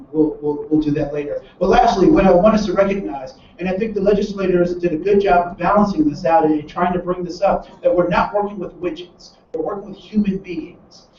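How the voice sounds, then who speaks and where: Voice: mid-range voice, a little hiss or hum. A trainer in front of a live group, telling a story and voicing the people in it, often restarting mid-phrase. The sound is caught from far across a roomy, echoing space. The recording is muffled and lo-fi, with faint ambience underneath. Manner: animated storyteller who acts out the people in the story; many restarts and repeated words. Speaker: diversity workshop trainer. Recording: roomy echo from far off, dull and lo-fi.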